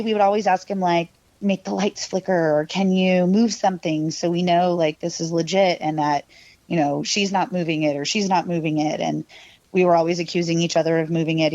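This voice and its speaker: A woman's voice: fairly low pitch, a little mellow, no echo. A woman casually telling a personal ghost story on a podcast, rambling with lots of fillers and quoting people in changed voices. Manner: rambling, filler-heavy, laughing; mimics her younger self and cousin in quoted lines. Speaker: podcast guest. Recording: dull, lo-fi, dry sound.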